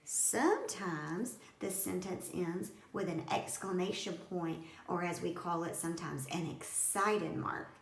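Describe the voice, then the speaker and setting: Teacher lady reading a kids book out loud, super slow and animated, faint background hum. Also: mid-range voice. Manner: slow, expressive storytelling. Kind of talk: read-aloud lesson for young children. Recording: roomy with faint ambience.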